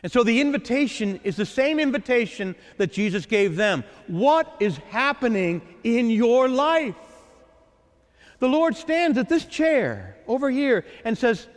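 A man preaching a sermon as a priest, acting out the voices of the Lord and the disciples with lively drama. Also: extremely high pitch, measured pace. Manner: animated, dramatizing the Lord's and disciples' lines. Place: church. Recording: echoey church with long reverb.

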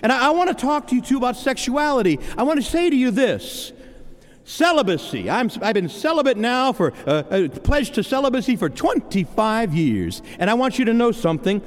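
A man's voice: extremely high pitch, sing-song, a little fast. Earnest preaching man, echoing church hall. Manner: earnest, personal testimony with stammered restarts. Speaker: pastor. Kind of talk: sermon. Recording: long hall reverb.

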